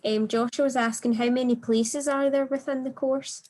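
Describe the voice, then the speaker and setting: A woman with a fairly high voice moderates an online webinar, politely passing along questions from attendees. She speaks over a video call. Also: fairly even intonation, normal speed, darkish tone. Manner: relays audience questions politely.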